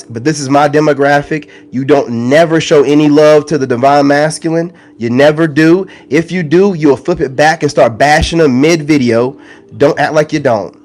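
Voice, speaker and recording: A man's voice: mid-range voice, a little mellow. A man ranting straight to his viewers in a confrontational, slangy monologue, repeating his points as an online spiritual content creator. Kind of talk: ranting direct-to-camera monologue.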